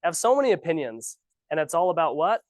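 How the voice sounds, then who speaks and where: Give me an animated, sarcastic man coaching new agents in a dry room. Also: a little high, fast talker, no room sound. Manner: animated, ranting, sarcastic asides. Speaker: real estate trainer. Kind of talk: casual training talk. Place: office training room.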